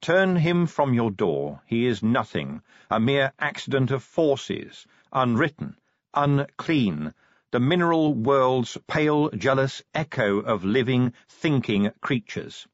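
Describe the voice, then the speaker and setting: A small hooded dwarf preacher, played by a male audiobook narrator, solemn and hateful. He speaks slowly and with weight, his voice rising and falling. The sound is dry and a bit dull. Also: mid-range voice, very animated, dry recording, pitched above the performer's own voice. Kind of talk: audiobook character voice.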